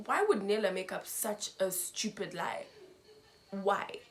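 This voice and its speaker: A woman's voice: medium pitch, unhurried. A young woman from Zimbabwe telling a storytime vlog, recounting events with emotion and acting out what people said. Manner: emotional, animated retelling with quoted dialogue. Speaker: vlogger.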